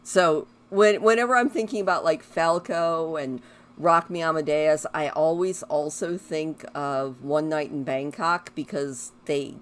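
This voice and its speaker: A woman's voice: sits low, fairly even intonation, unhurried. A woman giving casual, rambling commentary while playing a life-simulation game, chatting to her characters and drifting into talk about music. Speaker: gaming YouTuber. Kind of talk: casual let's-play commentary.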